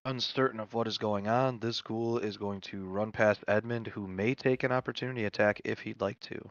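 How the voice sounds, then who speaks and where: Casual male game master, mid-pitched voice, dry close sound. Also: fairly quick, no echo, highs cut off. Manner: relaxed, easygoing, chewing while talking. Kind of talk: narrating a tabletop game.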